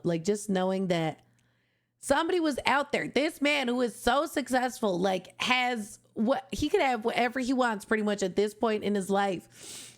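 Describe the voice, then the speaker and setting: A young woman from Canada speaks in an open, casual way as she reacts to music on her channel. Her voice is mid-pitched and heartfelt, and she gushes with feeling that rises to the edge of tears. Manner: heartfelt, gushing, tearful at times. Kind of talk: emotional casual reaction commentary.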